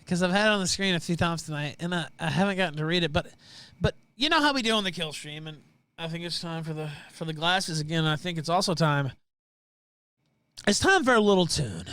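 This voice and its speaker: Male stream host, profane mocking ranter, lively high voice. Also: clean tone, no echo. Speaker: livestream show host. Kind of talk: ranting commentary.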